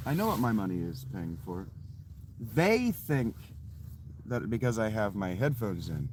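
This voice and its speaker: Speaking at a measured pace with big pitch swings in a lowish voice, a vlogger in his late thirties tells his viewers a story. He's casual and blunt, swears often, and laughs at his own tales, with background noise in the recording.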